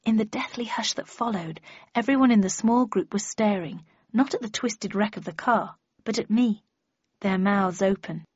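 A woman's voice: medium pitch, moderate pace, breathy edge, no room sound. A woman reading a first-person novel aloud in a dry, wry storytelling manner. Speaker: audiobook narrator. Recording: dull lo-fi dry recording.

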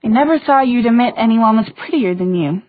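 A woman's voice: fairly high pitch, animated, brisk, no echo, close to an everyday voice. A woman voicing a spirited teenage girl with dry, joking comebacks, on a tinny recording. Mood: wry. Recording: tinny phone-like audio.

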